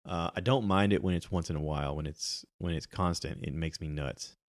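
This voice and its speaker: A man's voice: deep voice, brisk, dry recording, studio quality. A middle-aged man chatting casually on his own about movies and podcasts, rambling with many ums and restarts.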